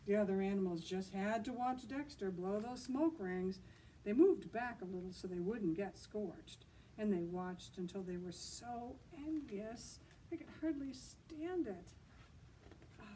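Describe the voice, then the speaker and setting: A woman's voice: mid-range voice, animated, unhurried, recorded from a distance, slight background noise, low-quality recording. Woman reading a storybook aloud outdoors. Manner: gentle, asking listeners questions. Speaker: children's librarian.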